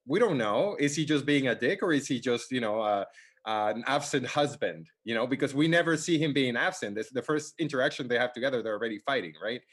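A man with a mid-range voice gives his take on a film in relaxed conversation. He stumbles and restarts often, sighs between thoughts, and swears casually. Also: mid-range voice, slightly rough. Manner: halting, many restarts, sighs, profane. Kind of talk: casual movie review chat.

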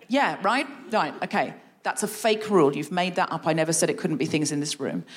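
A woman, speaking as a guest on stage and leading an audience through a creativity exercise in a playful, energetic way, laughing often. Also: low-pitched, a little fast. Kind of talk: live stage talk to an audience.

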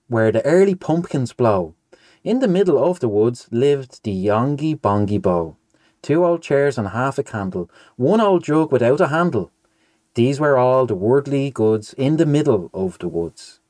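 A man's voice: medium pitch, no room sound. A man co-hosting a casual show, chatting playfully and then reading a nonsense poem aloud. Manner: lively, playful.

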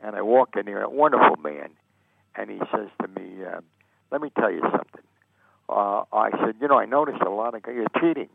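Older American storyteller on a phone line, gravelly and lowish, acts out his quotes. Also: lively intonation, a little fast, no echo. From United States. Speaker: sportswriter guest. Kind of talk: anecdotal storytelling interview.

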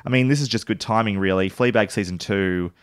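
A man, co-hosting a podcast in casual chat, talking in a loose, rambling way and halting over his words. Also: on the low side, smooth, no echo, studio quality. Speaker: podcast co-host.

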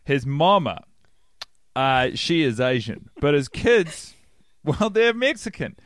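A man's voice: on the high side, big pitch swings, slow pace, no echo. Dry-joking New Zealand man hosting. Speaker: podcast host. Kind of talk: casual comedy podcast chat.

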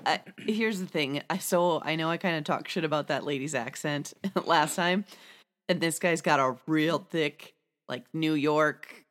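A woman's voice: deep voice, measured pace. A woman with a Midwestern American accent, co-hosting a podcast in frank, laid-back, rambling casual chat. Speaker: podcast co-host.

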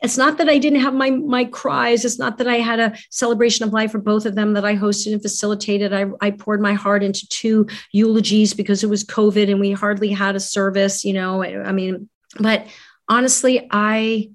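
A middle-aged woman, a guest in conversation, speaking earnestly and reflectively, often restarting her phrases. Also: medium pitch. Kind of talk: candid conversation.

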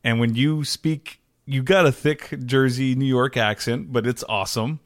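A man's voice: medium pitch, steady tone, moderate pace. Laid-back man hosting a podcast. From Texas. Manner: laid-back, slangy, says dude a lot. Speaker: podcast host. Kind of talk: casual chat.

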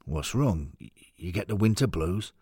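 A man plays a blunt, nostalgic football fan in an audio drama. The voice is deep and husky with a lively lift, recorded close and dry. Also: normal speed, no echo. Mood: concerned. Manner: blunt, plain-spoken.

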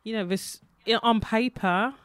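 A woman's voice: a little high, unhurried, fairly bright tone, clean tone, no room sound. A woman hosting a podcast interview, encouraging and affirming her guest. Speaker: podcast host. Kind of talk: conversational interview.

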